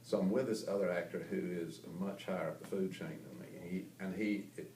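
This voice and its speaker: A man from the American South, chatty and laughing as he tells anecdotes in a lowish voice. The sound is roomy and from a distant mic with faint ambience. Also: fairly even intonation, fairly quick, darkish tone, slight background noise. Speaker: voice actor. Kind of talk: casual interview.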